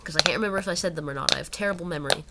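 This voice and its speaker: Young woman, reading an article aloud, rambling asides, fairly low voice, loud background noise. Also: racing. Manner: rambling, digressive, self-correcting asides. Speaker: channel host.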